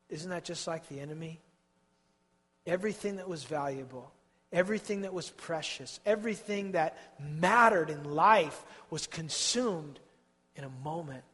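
A man preaching a sermon with passion, swinging from hushed tones to loud outbursts and repeating words as he builds. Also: a little high, normal speed. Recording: long hall reverb.

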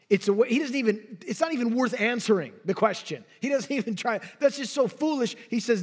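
A man preaching an expository sermon with an emphatic, dynamic delivery that swings between quiet drops and forceful bursts. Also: high voice, lively intonation, moderate pace.

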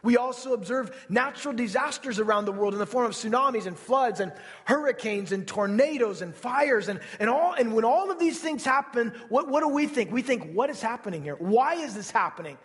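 A male pastor delivers a sermon with a very high-pitched voice. He preaches earnestly, stressing his points through emphatic repetition. The sound carries a long hall reverb. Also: a little fast, fairly bright tone.

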